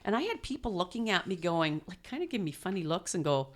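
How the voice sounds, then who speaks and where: A middle-aged woman telling animated stories as an interview guest, laughing often and acting out quotes. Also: fairly low pitch, fairly quick, few pauses. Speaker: guest, mother and performer. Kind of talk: storytelling interview.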